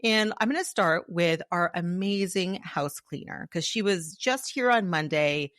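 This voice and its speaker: A woman hosting her own podcast, talking straight to the listener and calling them "love", with animated storytelling. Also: fairly low pitch, measured pace, no echo, studio quality. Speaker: podcast host. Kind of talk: solo podcast monologue.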